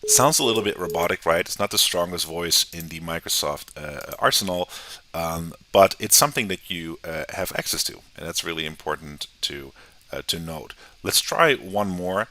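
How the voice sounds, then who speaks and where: An American man giving a casual, conversational software tutorial, often checking in with "right?". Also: low-pitched, normal speed. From United States. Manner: relaxed, conversational, often tags sentences with "right?". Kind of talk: screen-recorded software tutorial.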